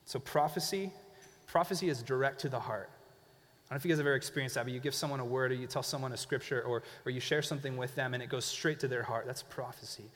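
A man preaching a sermon in a conversational, animated way, acting out the people he describes. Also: medium pitch, quick pace, long reverb tail. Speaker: pastor. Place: church.

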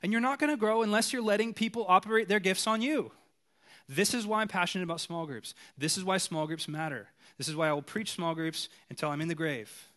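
A pastor, a man, preaching a sermon in a casual, animated, conversational way. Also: high voice, brisk.

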